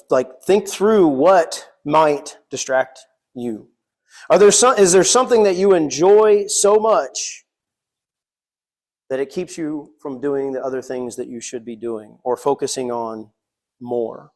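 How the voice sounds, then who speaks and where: A man's voice: on the high side, measured pace, a little mellow. A man preaching a sermon in a church, earnest and reading scripture aloud. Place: church sanctuary.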